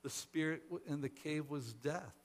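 A man's voice: on the high side, moderate pace. A man preaching a sermon, telling a parable and acting out its voices. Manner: acts out the characters' voices in a parable. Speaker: pastor. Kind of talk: sermon storytelling.

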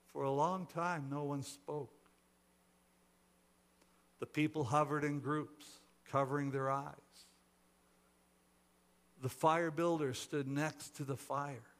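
Slow-speaking male preacher. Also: medium pitch, fairly even intonation, a bit bright. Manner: acts out the characters' voices in a parable. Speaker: pastor. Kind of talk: sermon storytelling.

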